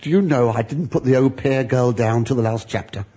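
A man's voice: mid-range voice, fairly quick, warm tone, husky. An older British-style male comedian giving a camp, innuendo-laden comic monologue, mock-flustered. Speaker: stand-up comedian. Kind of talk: comic monologue with sketch dialogue. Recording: live audience recording with noise. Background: audience laughter.

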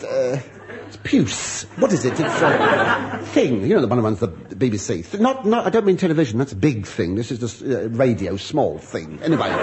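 A man's voice: mid-range voice, heavy background noise. A man telling a rambling, self-mocking comic monologue with muttered asides. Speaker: comedian.

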